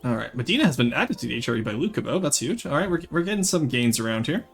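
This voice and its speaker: Lively young man streaming a game. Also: medium pitch, quick pace, vocal fry, faint music behind. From rural Canada. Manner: lively, chats with viewers while playing. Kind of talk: live gameplay commentary.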